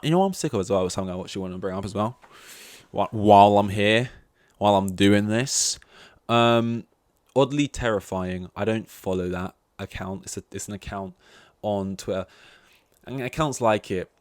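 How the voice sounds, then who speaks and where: A man's voice: fairly low pitch, no room sound. A young man hosting a solo podcast, ranting in a rambling, exasperated way and swearing often. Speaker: podcast host.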